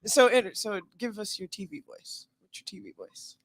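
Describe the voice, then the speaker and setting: A woman's voice: medium pitch, big pitch swings, moderate pace, rough recording. A woman co-hosting a casual talk show, reading viewer comments and laughing easily. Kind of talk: casual chat.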